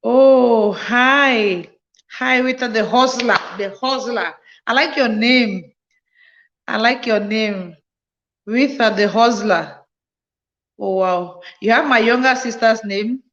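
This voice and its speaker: A woman's voice: on the high side, slow pace, a bit bright, lo-fi sound. A woman hosting a casual livestream, tired after a night shift, repeating thanks and greetings to viewers as they join. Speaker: livestream host. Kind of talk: casual live-stream chat greeting viewers. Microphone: phone.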